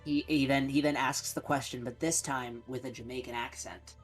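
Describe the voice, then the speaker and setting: Man, game master, tabletop narration, halting with ums, average pitch, soft background music. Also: fairly even intonation. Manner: hesitant, many ums.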